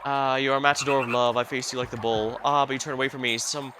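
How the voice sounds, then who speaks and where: A man's voice: mid-range voice, level tone, fast, background noise, voice pushed up, lightly acted. Dude hamming up a lovesick village guy, all sighs and drama.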